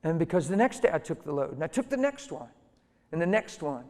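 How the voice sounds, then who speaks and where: A middle-aged man preaching through a personal story, animated and emphatic, acting out the voices of the people in it. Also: a little high, a little fast. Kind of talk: storytelling sermon. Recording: long hall reverb.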